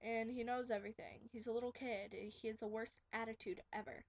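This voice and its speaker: A woman's voice: fairly high pitch, fairly even intonation, brisk, no room sound, highs cut off. A teenage girl ranting sarcastically in a casual vlog from her bedroom, full of filler words. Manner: sarcastic ranting, quotes kids in mocking voices. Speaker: vlogger. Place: bedroom, sitting on her bed.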